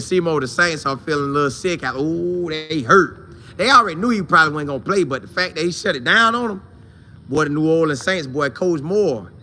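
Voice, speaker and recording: A man hosting a casual football talk show, animated and slangy, talking straight to his viewers. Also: a little high, a little hiss or hum. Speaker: sports show host.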